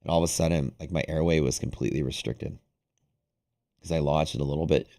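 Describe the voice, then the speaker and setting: Casual streamer host, young man, very deep voice, loose rambling storyteller. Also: quick pace, creaky. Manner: rambling, animated, heavy use of "like". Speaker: day-trading livestream host. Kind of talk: casual storytelling to a live audience.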